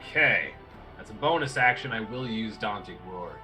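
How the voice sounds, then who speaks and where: A man's voice: lowish voice, animated, normal speed, over music. A man playing a tabletop game, chatting casually and asking the game master rules questions. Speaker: player.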